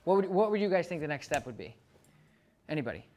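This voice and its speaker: Calm male dog trainer coaching a client. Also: a little high, quick pace. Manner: calm, coaching, counts out loud. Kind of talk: instructing a client during training.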